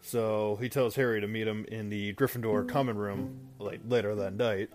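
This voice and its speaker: A man's voice: fairly low pitch, steady tone, moderate pace. A man hosting a podcast, casually recapping a movie into his phone, rambling and often correcting himself mid-sentence. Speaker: podcast host. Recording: music playing underneath.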